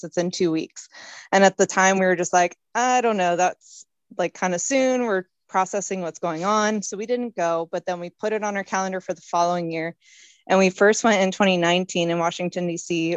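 A woman's voice: fairly low pitch, dry recording, muffled recording. Earnest woman on a group call. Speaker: conference attendee on a group call.

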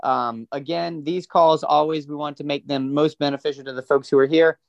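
A man's voice: fairly high pitch, fairly even intonation, moderate pace, dry recording, dull audio. A man hosting a community call, inviting questions in a welcoming, slightly formal way. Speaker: call moderator.

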